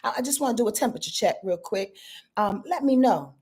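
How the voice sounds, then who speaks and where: A woman's voice: fairly high pitch, lively intonation, fast talker, a little mellow, husky. A woman hosting a live-stream astrology reading, blunt and profane, addressing viewers directly as y'all and boo-boo. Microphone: webcam or phone on a live stream.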